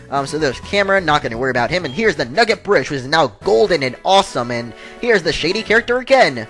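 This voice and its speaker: A man's voice: mid-range voice, very animated, fairly quick, fairly bright tone, soft background music. A man hosting a video game playthrough, chatting casually with rambling asides and lots of fillers. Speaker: let's play host. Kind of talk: casual gameplay commentary.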